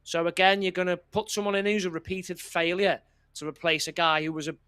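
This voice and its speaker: A man's voice: high voice, level tone, a little fast, sharp tone, clear, resonant tone. A man co-hosting a casual political chat, talking bluntly and swearing as he rambles. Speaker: podcast co-host.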